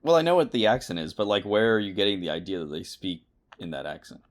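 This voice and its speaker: A man co-hosting a casual podcast, curiously questioning and gently pushing back on what he hears. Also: low voice, expressive, quick pace. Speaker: podcast co-host. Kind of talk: casual chat, asking questions.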